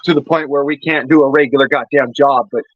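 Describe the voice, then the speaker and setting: A man's voice: medium pitch, steady tone, quick pace, no room sound, highs cut off. An injured veteran, a man who has had a couple of beers, ranting furiously and profanely into his cell phone, stammering over his restarts. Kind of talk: angry vlog rant.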